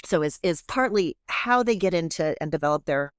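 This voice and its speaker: A middle-aged woman professor, chatty and animated, often interrupting herself as she talks in a podcast interview. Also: low voice, moderate pace, dry recording, studio quality. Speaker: guest professor.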